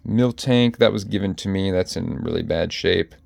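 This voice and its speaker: Chatty guy flipping through his old cards, low voice, bit of fry, keeps correcting himself. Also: normal speed. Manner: chatty, self-correcting, addresses viewers directly. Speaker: collector vlogger. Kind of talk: casual card collection walkthrough.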